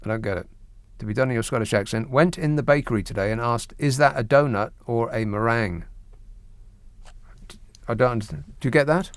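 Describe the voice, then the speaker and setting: A man's voice: mid-range voice, a little fast, dry recording. Male radio host, middle-aged, dry studio mic, wry and rambling with mock outrage. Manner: wry, rambling, mock-indignant rants with hesitant restarts. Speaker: radio talk show host. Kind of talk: late-night radio phone-in chat. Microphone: studio microphone.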